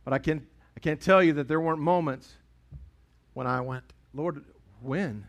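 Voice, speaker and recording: A middle-aged pastor, preaching in a loose, conversational way and telling stories. His voice sits a little high for a man. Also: moderate pace. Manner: storytelling, conversational preaching with acted dialogue. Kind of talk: sermon.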